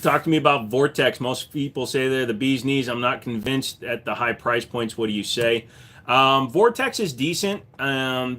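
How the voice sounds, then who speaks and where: A man's voice: mid-range voice, a bit bright. A man hosting a casual livestream, a firearms dealer who reads viewer questions aloud and answers them in a laid-back way, with many ums.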